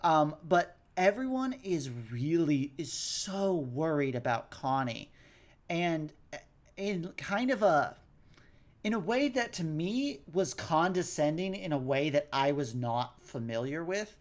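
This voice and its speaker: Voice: medium pitch, expressive, slow. A podcast co-host in casual chat, rambling with many restarts and trailing thoughts.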